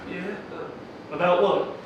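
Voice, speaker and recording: A man acts out a kindly, hesitant frontier man who talks slowly in halting phrases in a stage western. His voice is high for a man and sounds far off in a very echoey space. Noise is clear in the background. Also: steady tone, dull audio. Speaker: actor. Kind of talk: stage drama performance. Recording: roomy stage audio from a distant mic with noise.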